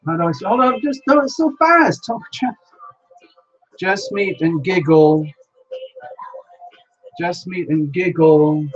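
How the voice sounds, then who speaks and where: Slow, excitable live-stream host. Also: medium pitch, highs cut off, soft background music. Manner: excitable, many exclamations, reads viewer names aloud while scrambling to keep up. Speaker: livestream host. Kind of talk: casual live-stream chat, greeting viewers.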